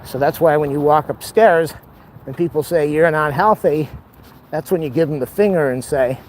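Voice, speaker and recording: A man's voice: on the high side, normal speed, low-quality recording. A man vlogging while he walks city streets, ranting with strong opinions and out of breath from the uphill climb. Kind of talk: rambling walking vlog. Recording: faint street noise outdoors.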